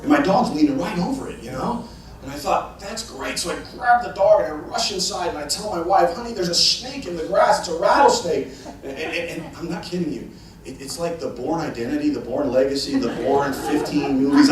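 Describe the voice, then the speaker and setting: A man in his thirties doing a stand-up comedy set, telling a story with lively energy and acting out voices. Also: on the high side, a little fast, slight background noise. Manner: animated storytelling, acts out voices and rising excitement. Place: large church hall with a live audience. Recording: echoey hall from far off, audience laughter.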